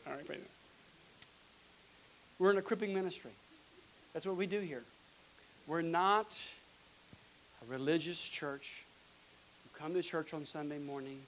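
A man preaching a sermon as pastor, folksy and energetic, with bursts of loud shouting. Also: on the high side, vocal fry, a little hiss or hum, rough recording.

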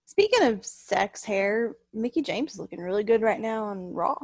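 A woman's voice: mid-range voice, animated, moderate pace, a little mellow, no room sound. A woman in casual conversation, chatty, asking questions and laughing along. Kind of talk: casual chat.

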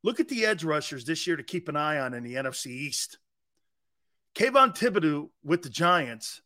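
Brash, high-voiced sports talk host. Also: male voice, sing-song, normal speed, bright, forceful tone. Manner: brash, profane, rambling, talks to chat. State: short on sleep, edgy.

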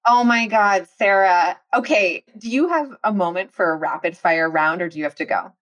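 A woman's voice: medium pitch, normal speed, fairly bright tone. A woman podcast host and therapist, talking in an effusive, appreciative way in a conversational interview. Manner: effusive, appreciative, laughs often.

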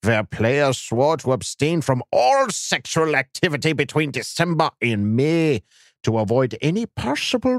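A man doing a comic put-on German voice, reading aloud slowly and stiffly on a podcast, recorded dry and close. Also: fairly high pitch, creaky, no room sound, exaggerated voice.

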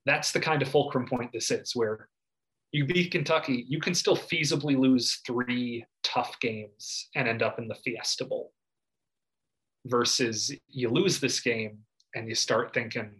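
Conversational male sports reporter, mid-pitched. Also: a little slow, a bit bright, low-quality recording. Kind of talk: casual sports podcast chat.

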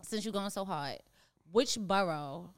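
New york woman, clean smooth voice, tossing in quick teasing comebacks. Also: mid-range voice. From Harlem, New York. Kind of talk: casual debate banter.

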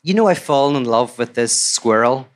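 A man's voice: mid-range voice, lively intonation, normal speed, natural voice. A man voicing an insecure, jealous little male field mouse in a told fairy tale, with an anxious, pleading manner.

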